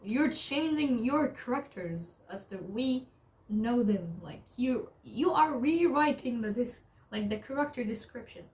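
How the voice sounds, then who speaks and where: A young adult woman in a casual vlog commentary, talking haltingly with lots of fillers and restarts. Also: a little high, animated, darkish tone. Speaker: YouTuber.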